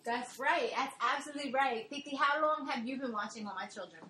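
Woman podcast host, bright higher voice, gushing and emotional, echoey room recording. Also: fairly quick, a little hiss or hum. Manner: emotional, gushing, laughs often. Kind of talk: casual chat. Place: home, family gathering.

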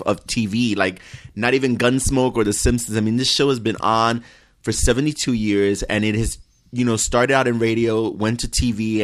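A man co-hosting a podcast who talks earnestly and rambles with repeated words, at times reading news items aloud. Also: lowish voice. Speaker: podcast co-host.

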